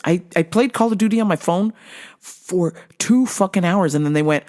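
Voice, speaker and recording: A woman's voice: lowish voice, normal speed. A woman hosting a podcast, telling a comic story in a casual, profane way, acting out her own reactions and laughing often. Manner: laughs often between lines. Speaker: podcast host.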